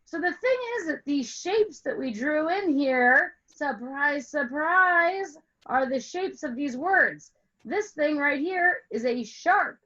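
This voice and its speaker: A woman's voice: high-pitched, lively intonation, unhurried, a bit bright, muffled recording. A woman music teacher telling a playful story to explain a lesson, asking questions and stretching words for emphasis over an online call. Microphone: online call with screen share.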